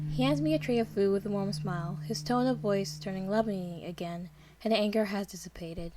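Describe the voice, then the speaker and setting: A woman narrating a dark story in the first person, with a dramatic, tense and fearful delivery. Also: mid-range voice, brisk. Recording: noisy background hiss.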